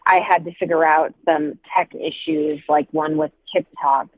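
A woman's voice: deep voice, very animated, measured pace, creaky, dry recording. A woman calling in by phone, chatting casually and hesitantly with frequent ums. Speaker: phone caller. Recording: tinny phone line.

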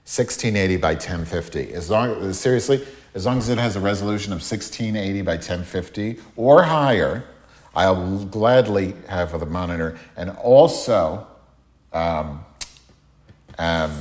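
Deadpan male livestream host with a lower voice: profane, rambling, thanks donors by name. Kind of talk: rambling live-stream chat.

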